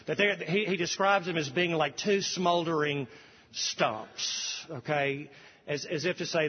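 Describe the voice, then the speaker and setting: Male pastor, earnest sermon delivery, slow emphatic scripture reading, muffled lo-fi sound. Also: on the high side, slightly rough, long reverb tail.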